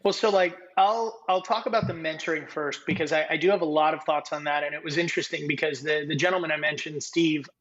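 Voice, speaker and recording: A man in his late thirties, a podcast guest telling stories in a casual, animated way and acting out the people he quotes. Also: fairly high pitch, quick pace, few pauses, muffled recording. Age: 30s. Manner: animated, acts out quoted dialogue. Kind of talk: casual interview storytelling.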